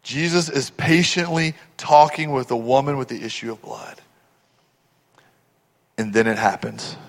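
A man's voice: mid-range voice, steady tone, a little slow, long reverb tail. A man from Texas preaching a sermon, telling stories with animation and putting questions to the congregation. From Texas, USA. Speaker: pastor.

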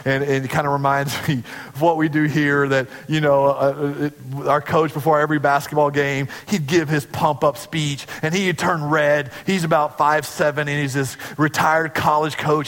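A pastor preaching a sermon to his church, earnest and conversational, sometimes dropping to a hush. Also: a little high, little pitch movement, normal speed, few pauses, in a large hall.

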